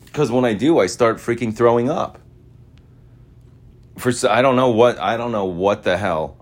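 A man from Utah rambling through a casual monologue. He swings between loud, repetitive chanting and low, mumbled asides. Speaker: podcaster.

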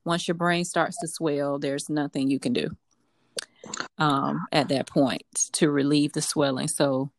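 A young woman telling a personal story as a podcast guest, halting and hesitant, with frequent fillers and restarts. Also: low-pitched, steady tone, gravelly, no room sound, clean studio sound. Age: young adult.

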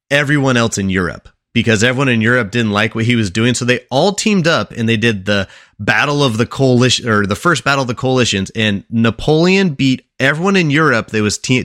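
Man, podcast co-host, average pitch, dead-dry sound, casual history storytelling, asks his co-hosts questions. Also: a bit bright, dry recording.

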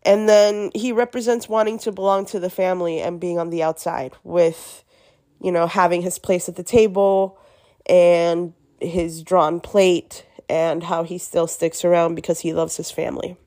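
A woman hosting a podcast alone, chatty with many fillers, her voice gravelly from being sick. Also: fairly low pitch, little pitch movement, moderate pace, warm tone. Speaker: podcast host. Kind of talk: podcast monologue.

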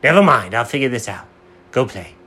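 A man's voice: mid-range voice, big pitch swings, fairly quick, bright, forceful tone, husky, heavily acted. Jenkins, a man doing an exasperated dog owner. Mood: earnest. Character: flustered man who lost his backpacks.

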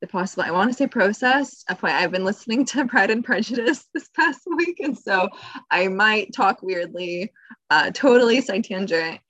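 A woman's voice: mid-range voice, animated, normal speed, fairly bright tone, no echo. A woman co-hosting a podcast, explaining things in a casual, chatty way, laughing often and drifting into side tangents. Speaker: podcast co-host.

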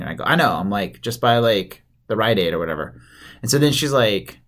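A man's voice: on the low side, animated, fast, fairly bright tone. A man in his thirties hosting a casual chat, telling rambling stories and laughing often.

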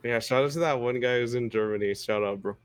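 A man's voice: mid-range voice, fast. A man co-hosting a podcast with friends over a call, crude and trading teasing insults. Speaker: podcast co-host. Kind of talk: casual chat among friends.

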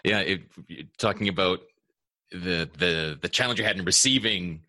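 A man hosting a podcast in casual conversation, playful and quick to laugh, often restarting his sentences. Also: deep voice, bright, forceful tone, no echo. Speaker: podcast host.

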